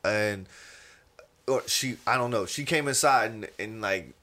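A man, a podcast host telling a profane, animated story in casual chat and acting out the people in it. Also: on the low side, unhurried. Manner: animated, profane, acts out quoted voices.

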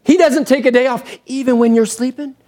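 A man's voice: very high-pitched, quick pace, darkish tone. A man in his thirties preaching a sermon as pastor, telling stories animatedly with re-enacted dialogue and repeated phrases for emphasis.

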